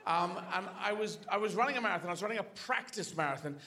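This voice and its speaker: A man's voice: high voice, animated, quick pace, pushed and bright. A male stand-up comedian telling a rambling, playful story on stage. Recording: live show with clear crowd noise.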